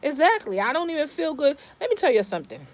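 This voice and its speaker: A woman's voice: high voice, very animated, fast talker. A middle-aged woman from the Bronx, chatting casually to her vlog viewers, emphatic and repeating herself. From the Bronx, New York. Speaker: family vlogger.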